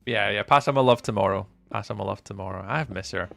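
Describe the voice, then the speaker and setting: A young man chatting casually with viewers while live streaming, playful and often trailing off into a softer voice. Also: on the low side, fast, vocal fry, no room sound, faint music behind.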